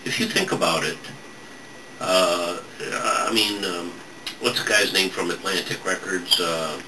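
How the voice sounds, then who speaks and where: A man hosting a casual studio chat, rambling and halting as he searches for names. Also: deep voice, steady tone, pushed and bright. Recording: distant mic with background noise.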